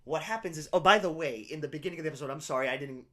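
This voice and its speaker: A man's voice: fairly high pitch, rapid-fire. A young man co-hosting a casual podcast, retelling a TV episode with lots of swearing and laughter. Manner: animated storytelling, frequent swearing and laughter. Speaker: podcast co-host.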